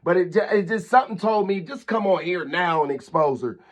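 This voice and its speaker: A man's voice: high voice, animated, brisk. A man, hosting his own vlog and delivering a heated, repetitive, scolding rant at a neighbor. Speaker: channel host.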